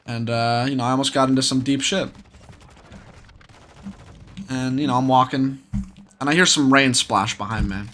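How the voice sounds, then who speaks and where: A man's voice: mid-range voice, steady tone, normal speed, long pauses, fairly bright tone, a little hiss or hum. A young man telling a story in casual, rambling commentary, swearing constantly.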